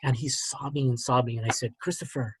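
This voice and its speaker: A middle-aged man, a physician, telling a personal story in an earnest, halting way over a webinar video call. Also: mid-range voice, flat delivery, a little hiss or hum. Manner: earnest, halting storyteller with many "you know" and "okay?". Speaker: physician speaker.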